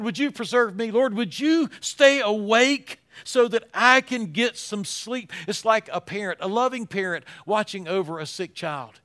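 An older man preaches with real passion, his voice sitting high and sounding bright and forceful. He swings between loud pleading and quiet asides, and he often doubles back on his words for emphasis. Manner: impassioned, swinging from loud to hushed, repeating words. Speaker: pastor. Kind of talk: sermon.

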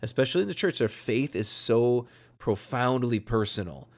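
A man's voice: medium pitch, lively intonation, normal speed. A man in his thirties co-hosting a podcast for church workers, explaining communication tips in an earnest, practical, casual way. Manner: earnest, practical, acts out short sample dialogues. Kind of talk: casual instructional podcast talk.

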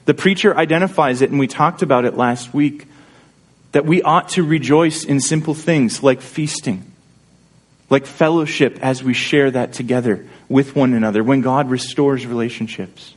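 A man's voice: medium pitch, moderate pace. A man pastor preaching a sermon in an earnest, conversational way, often checking in with his listeners through rhetorical questions.

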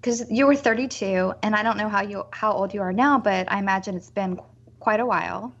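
A woman's voice: mid-range voice, brisk, a bit bright. A woman host interviewing a guest, effusive and encouraging. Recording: dull lo-fi audio.

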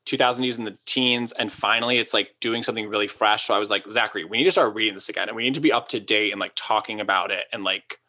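Young male co-host, bright edge, casual and rambling. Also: on the low side. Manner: rambling, lots of "like", quick asides. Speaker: podcast co-host. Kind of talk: casual chat.

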